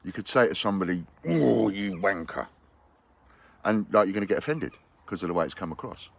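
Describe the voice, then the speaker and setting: Man, low voice; blunt, rambling monologue to investors. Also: racing, dry recording. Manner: blunt and rambling, with hypothetical quotes. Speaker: business owner addressing investors. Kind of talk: unscripted monologue to camera.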